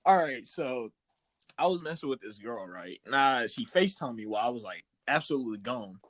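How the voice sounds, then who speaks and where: A young man co-hosting a podcast, telling stories in an animated, laughing way. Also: medium pitch, brisk, no echo. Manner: animated storyteller, loud laughing retellings. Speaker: podcast co-host. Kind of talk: casual chat.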